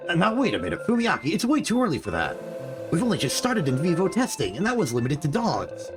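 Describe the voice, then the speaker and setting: An actor playing a cautious, earnest young male doctor objecting to a rushed trial in a game cutscene. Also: a little high, huge pitch swings, over music. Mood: alarmed. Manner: urgent, objecting.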